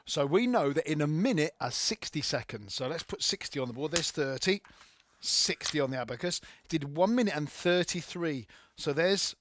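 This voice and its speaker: A man's voice: fairly high pitch, expressive, normal speed, noisy background. A man hosting a live maths show for children, cheerful and playful, laughing often and chatting with a child beside him.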